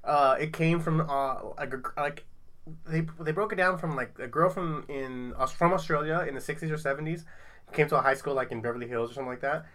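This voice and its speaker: Fast-talking man chatting loosely. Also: a little high, a bit bright. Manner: rambling, loose, laughs often, swears casually. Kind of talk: casual chat.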